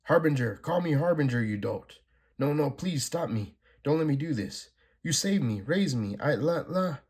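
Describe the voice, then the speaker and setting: Guy doing a possessed comic heroine, voice pushed up high and strained. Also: expressive, moderate pace, a little mellow, natural voice. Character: possessed heroine, young woman, furious then pleading.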